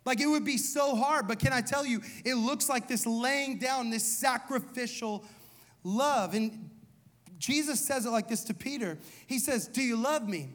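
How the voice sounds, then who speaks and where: A man's voice: very high-pitched, unhurried, fairly bright tone. A man in his thirties preaching a sermon in a casual, conversational way, full of "like" and "you know", with repeated punchy questions to the congregation. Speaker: pastor. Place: church hall.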